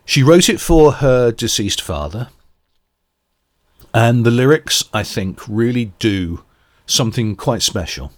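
A man's voice: mid-range voice, expressive, slow. A man giving a reflective, earnest radio album review and searching for words as he goes. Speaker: music reviewer.

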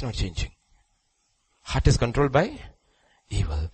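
A man preaching a sermon who swings between hushed, low passages and loud, high exclamations. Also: normal speed, slightly rough, no echo, rough recording.

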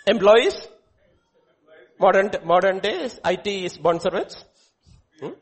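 A man preaching a sermon, animated, swinging between loud exclamations and quiet asides, joking with the congregation. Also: sits high, slow pace. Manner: jokes with the congregation, calls on children by name. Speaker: pastor.

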